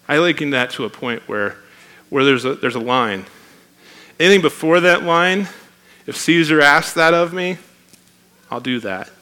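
A man's voice: on the high side, moderate pace, long pauses, pushed and bright. A man preaching a sermon in a conversational, emphatic way, reading scripture aloud.

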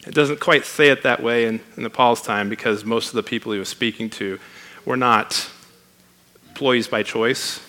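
A man's voice: mid-range voice, steady tone, normal speed, bright, forceful tone. A man preaching a sermon in a conversational, emphatic way, reading scripture aloud.

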